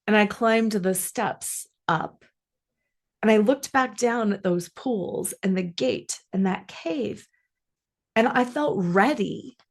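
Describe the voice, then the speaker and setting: Middle-aged woman coach, mid-pitched, unhurried reflective storytelling. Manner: earnest, spiritual, unhurried. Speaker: coach and podcast host.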